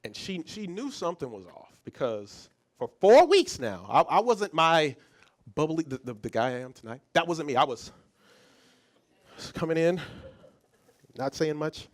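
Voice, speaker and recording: A man who is a psychologist, giving a motivational talk as a lively story, often restarting and repeating words. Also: on the high side, a little slow. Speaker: psychologist and speaker.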